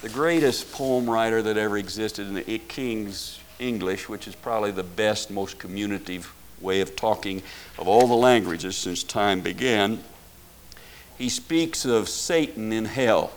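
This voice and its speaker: An older man preaching a sermon, pressing his points with loud rising stresses and rhetorical questions to the congregation. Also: fairly low pitch, measured pace, a little hiss or hum. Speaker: pastor.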